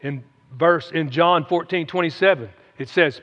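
A man's voice: a little high, lively intonation, unhurried, few pauses, a bit bright. Man, preacher, folksy sermon, long hall reverb. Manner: conversational, folksy, with frequent "amen?" call-outs. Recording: echoey hall, dull lo-fi sound.

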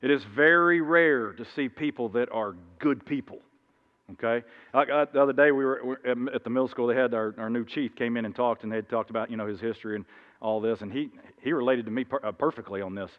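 A man preaches in a loose, conversational way, wandering through personal stories and acting out the other people's lines. His voice sits at an ordinary male pitch. The recording is dull and lo-fi, with a long echo from a church hall. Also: fast. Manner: rambling, many restarts, acts out voices in anecdotes. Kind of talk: informal sermon with storytelling.

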